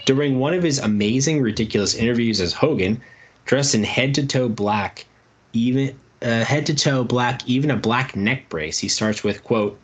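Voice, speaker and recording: Speaking at a normal speed in a mid-range voice, a man co-hosts a wrestling podcast. He reads out trivia questions and quoted promos in casual chat, laughing easily.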